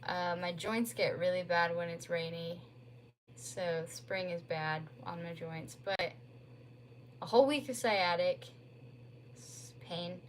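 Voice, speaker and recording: Slow-talking young woman streamer. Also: on the low side, a little hiss or hum. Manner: rambling, lots of "like" fillers. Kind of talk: casual livestream chat. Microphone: phone.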